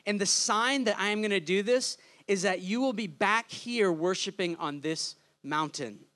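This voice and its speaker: A man voicing God during a sermon, speaking emphatically, slowly and insistently. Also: sits high, bright, forceful tone. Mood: commanding. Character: God, commanding and reassuring.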